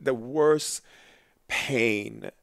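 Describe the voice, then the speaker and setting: A man's voice: mid-range voice, drawn-out words, vocal fry, no room sound, studio quality. A man, a podcast guest, recounting a personal story intensely and vividly, with restarts.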